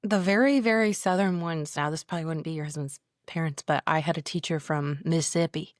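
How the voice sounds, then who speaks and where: A woman guesting on a podcast, talking in a playful, animated way and sometimes getting loud. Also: low-pitched, a little fast, no room sound, clean studio sound. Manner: animated, playful, talks louder at times. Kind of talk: casual podcast chat. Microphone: podcast microphone.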